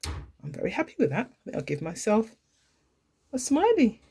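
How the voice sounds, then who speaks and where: A woman's voice: mid-range voice, wildly swooping pitch, normal speed, vocal fry, warm tone, a little hiss or hum. A woman teaching a phonics lesson to young children from home, in an exaggerated sing-song way, playfully pretending to make mistakes. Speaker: early years teacher.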